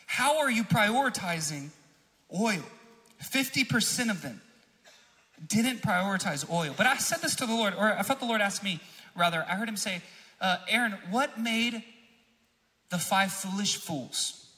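A young man preaches in a high, strikingly bright and forceful voice. He moves from storytelling to animated, shouted emphasis. His words ring out with a long reverb, as in a big church hall. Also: moderate pace. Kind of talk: sermon with storytelling.

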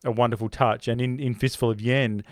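A man co-hosting a film podcast, talking in a loose, rambling way that is full of restarts. His voice sits at an ordinary middle pitch and is heard up close on a dry mic with no room sound. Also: a little fast, dry recording. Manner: rambling, many restarts, animated when retelling scenes. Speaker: podcast co-host. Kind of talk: casual film discussion.

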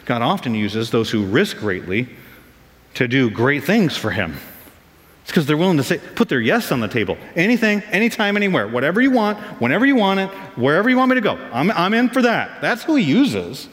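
A man preaching a sermon as pastor, casual and animated, acting out the people he quotes in raised voices. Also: a little high, brisk, long reverb tail.

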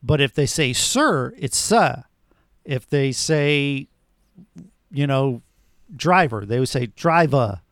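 A man co-hosting a podcast, explaining his points in a measured, casual way. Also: mid-range voice, expressive, no room sound, studio quality. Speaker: podcast co-host. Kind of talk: casual chat.

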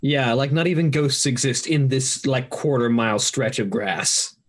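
A man's voice: mid-range voice, moderate pace. A man narrating a tabletop game as game master, casual and loose, with fillers and frequent laughter.

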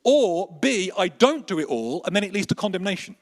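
A man preaching a sermon with animated storytelling, moving between emphatic declarations and hushed, slower moments. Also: high-pitched.

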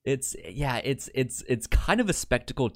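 A man co-hosting a podcast, talking in loose rambling runs full of restarts and quick laughs. His voice is at a middle pitch and recorded close and dry. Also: very animated, dry recording. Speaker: podcast co-host. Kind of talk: casual chat.

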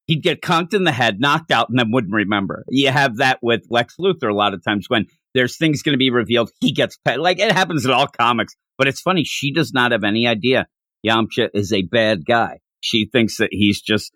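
A man's voice: mid-range voice, brisk, dry recording. Man chatting in a dry, close sound. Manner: rambling, animated retelling with frequent restarts. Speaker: podcast host. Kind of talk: casual chat recapping a manga chapter.

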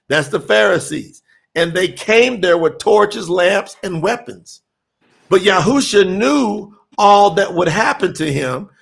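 A middle-aged man with a high, gravelly voice teaching scripture. He talks in an emphatic, preacherly way, often raising his voice to act out the lines he quotes. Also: a bit bright. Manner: emphatic, preacherly, dramatic quoting. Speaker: teacher and telethon host.

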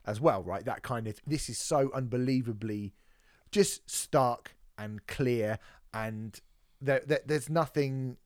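A man co-hosting a casual music podcast, talking in animated, sweary bursts with many restarts. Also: medium pitch, slow pace, dry recording, studio quality. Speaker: podcast co-host. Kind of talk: casual music review chat.

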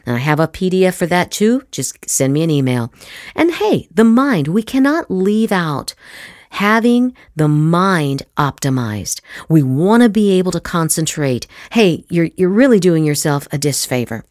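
A middle-aged woman giving an acting master class, emphatic and lively, slipping into demonstration voices. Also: on the low side, normal speed, no echo, studio quality. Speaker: acting teacher.

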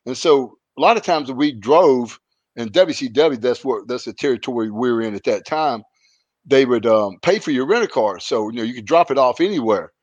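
A man hosting a podcast, telling road stories in a relaxed, casual way and livening up when he quotes friends. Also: medium pitch, a little fast, no echo, muffled recording. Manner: laid-back, animated when quoting others. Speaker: podcast host, retired wrestler. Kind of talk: casual storytelling.

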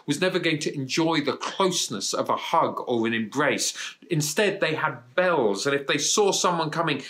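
Male preacher, bright ringing tone, earnest and encouraging delivery with swells and soft drops. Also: a little high. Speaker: pastor. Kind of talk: sermon.

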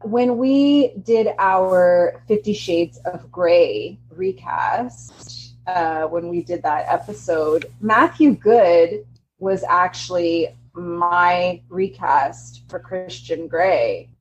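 A woman's voice: on the low side, takes it slowly, poor audio. A woman co-hosting a casual podcast, talking emphatically and laughing often. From Canada. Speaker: podcast co-host. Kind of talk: casual chat.

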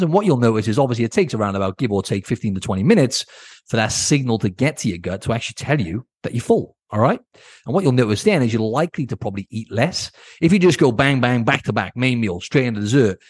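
A man's voice: mid-range voice, darkish tone, slightly rough, dry recording, studio quality. Blunt casual man hosting a podcast. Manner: blunt, casual, keeps asking "right?", swears. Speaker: podcast host and coach. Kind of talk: solo podcast advice talk.

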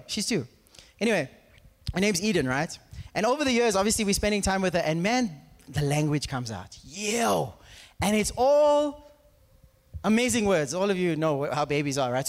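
A man's voice: high voice, long reverb tail. A man preaching a conversational sermon full of anecdotes, often checking in with his audience. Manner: animated, constantly checks in with the audience.

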